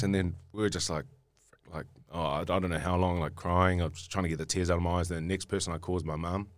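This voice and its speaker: Speaking fast in a deep, steady voice, this young New Zealand man is a rugby player giving an interview. He rambles through a story, restarting and repeating words again and again, with no room sound in the recording.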